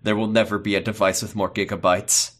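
A man's voice: lowish voice, little pitch movement, a little fast, a bit bright. A man co-hosting a podcast, casually recapping an episode with dry, jokey asides. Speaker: podcast co-host.

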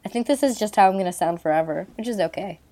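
A young woman co-hosting a podcast, hoarse and raspy from a cold, chatting in a laid-back way. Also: mid-range voice, quick pace, mellow. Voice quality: raspy, like a chain smoker. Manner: laid-back, laughs often, swears casually. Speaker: podcast co-host. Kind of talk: casual chat.

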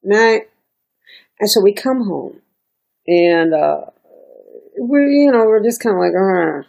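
A middle-aged woman, a singer and songwriter, telling stories in a casual interview, animated and laughing often. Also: mid-range voice, takes it slowly, creaky. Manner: animated storyteller, laughs often, mimics quoted voices.

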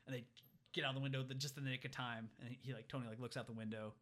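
A man co-hosting a podcast, retelling a film in casual, animated chat with lots of fillers. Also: mid-range voice, racing. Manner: animated storytelling, many fillers. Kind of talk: casual movie recap chat.

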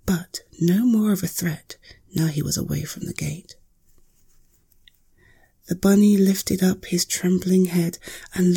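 Sleep-story narrator: woman, low husky whisper, whispered role-play. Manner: slow soft whisper.

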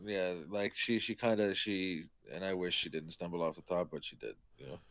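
A lower-voiced man co-hosting a podcast, laid-back and teasing in casual chat. He sounds dry and close to the mic. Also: steady tone, normal speed, fairly bright tone, dry recording. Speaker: podcast co-host.

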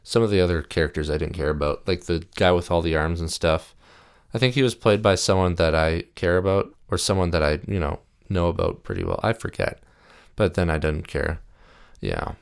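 A young man with a deep, low-pitched voice gives a loose, rambling monologue. His tone is smooth and clear, and his delivery is enthusiastic, with frequent "uh"s and restarts. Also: animated, fairly quick. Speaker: video host. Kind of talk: casual monologue reviewing films.

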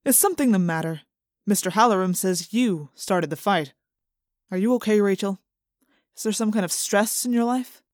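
A woman's voice: medium pitch, expressive, normal speed, dry recording, clean studio sound, close to an everyday voice. A woman voicing a stern middle-aged male assistant principal who speaks in a demanding tone. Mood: probing.

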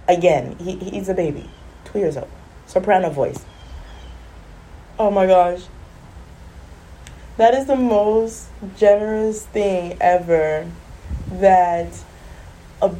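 A woman telling a funny story in a casual vlog, animated, acting out voices and laughing often. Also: medium pitch, a little hiss or hum.

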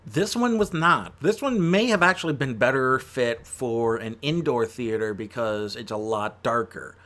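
A man talking through a film review in a loose, conversational way. He rambles, restarts his sentences and fills pauses with ums and uhs, and his pitch sits in an everyday middle range. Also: animated, fairly bright tone. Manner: rambling and chatty, full of fillers and self-corrections. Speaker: movie reviewer. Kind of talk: casual spoken film review.

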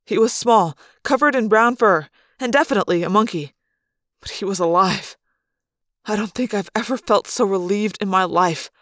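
A woman narrating a fan-made audiobook in the first person with steady, clear storytelling. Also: medium pitch, normal speed, no echo, clean studio sound.

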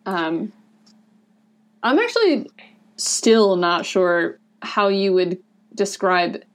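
A woman in a relaxed podcast chat at an average pitch for a woman. She talks the story through conversationally and explains each point, dropping in plenty of "um" and "like" as she goes. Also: extremely slow. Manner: chatty and explanatory, with frequent "um" and "like". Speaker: podcast co-host. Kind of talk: casual discussion of a comic.

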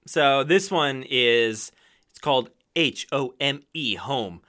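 A man leading a group through improvised comedy scenes, reading titles and stage directions aloud in an animated way. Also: medium pitch, slow. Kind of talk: casual chat and scene reading.

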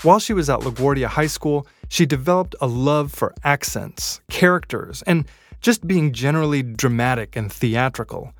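A man reading scripted documentary narration in a measured way, with wry asides. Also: mid-range voice, expressive, dry recording. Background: faint music bed.

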